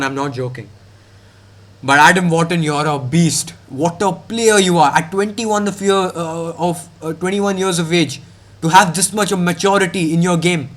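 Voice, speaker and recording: A man's voice: on the high side, fairly bright tone. A young man ranting in a heated, mocking, slangy way as he reacts to football.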